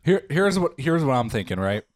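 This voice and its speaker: A man's voice: medium pitch, sing-song, brisk, no echo, clean studio sound. Rambling young man hosting a podcast. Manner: rambling, filler-heavy, joking. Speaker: podcast host. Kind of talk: casual chat.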